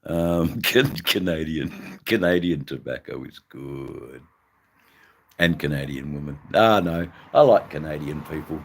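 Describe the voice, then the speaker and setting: A man's voice: extremely low pitch, lively intonation, unhurried. An Australian man hosting a livestream, chatting in a rambling, casual way and greeting viewers by name. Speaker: livestream host.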